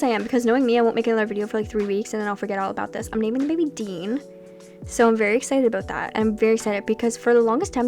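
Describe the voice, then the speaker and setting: A chatty young woman talks casually over her gameplay in a slightly high voice. She rambles between thoughts with animated asides, and soft music plays faintly behind her. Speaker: Sims gameplay creator.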